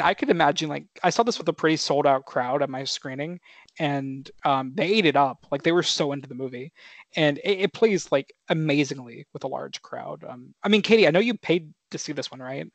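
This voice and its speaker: Young male podcast co-host, bit high, casual, hesitant. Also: a little fast, vocal fry, dry recording. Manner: laid-back, many "um"s and "like"s, asks guests questions. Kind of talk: casual chat.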